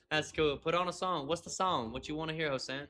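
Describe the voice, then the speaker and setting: A man's voice: on the high side, pushed and bright. A man hosting a casual live stream, laughing a lot and swearing as he reads chat comments aloud into a laptop mic.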